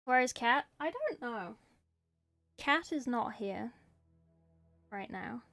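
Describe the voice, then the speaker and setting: A woman's voice: fairly high pitch, expressive, takes it slowly, bright, forceful tone, dry recording, soft background music. A woman with a slight New Zealand tinge, chatting casually with stream viewers while painting miniatures, joking and self-mocking. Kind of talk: casual live-stream chat answering viewers. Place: dark room at home at night.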